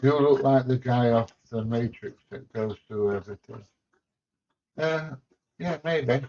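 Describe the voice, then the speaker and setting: A man's voice: medium pitch, measured pace, a little mellow. English man, livestream host, casual chat, mildly sweary, home stream, muffled sound. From England. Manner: blunt, joking, mildly sweary. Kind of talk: casual chat reading viewer comments. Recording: dull lo-fi stream audio.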